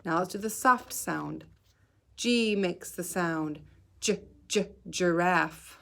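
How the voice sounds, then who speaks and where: Kindergarten teacher, woman: slow, deliberate phonics drills with crisp letter sounds and gentle encouragement. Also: fairly low pitch. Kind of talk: phonics lesson for young children.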